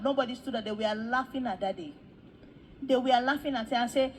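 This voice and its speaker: High-voiced woman preacher telling a vision. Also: moderate pace, pauses often, a little hiss or hum, poor audio. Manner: animated storytelling, acts out quoted dialogue; repeats words for emphasis. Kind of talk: testimony sermon recounting a vision.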